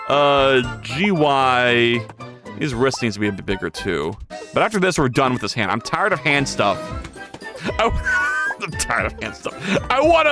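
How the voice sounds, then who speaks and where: Streamer, chatty self-talk, lively swooping pitch, sudden yelled swearing, faint music behind. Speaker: live streamer. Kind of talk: casual live-stream chat while working.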